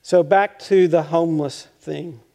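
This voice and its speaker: An older male pastor preaching a conversational, self-deprecating sermon, halting and restarting with light chuckles. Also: on the high side, steady tone, creaky, dark tone.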